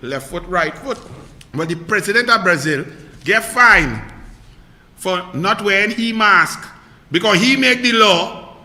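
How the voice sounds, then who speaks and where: Trinidadian man going off on politics, high sharp voice, sarcastic, shouty, echoey room. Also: animated, measured pace, long pauses. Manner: fiery, indignant, sarcastic, rising to shouts. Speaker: political commentator. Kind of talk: political rant. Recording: echoey room with long reverb.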